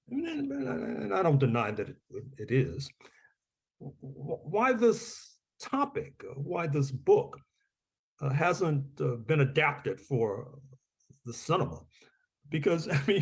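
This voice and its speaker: A man's voice: fairly high pitch, a little mellow. A man speaking as an author and guest on a podcast interview, discursive, often repeating his words and giving wry chuckles.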